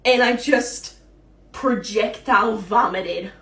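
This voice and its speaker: A woman's voice: mid-range voice, slow pace, echoey room, recorded from a distance. A woman telling a comedic story casually, swearing often and acting out the other people's voices. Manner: swearing, animated, mimics voices in anecdotes. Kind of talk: casual storytelling with lip-sync clips.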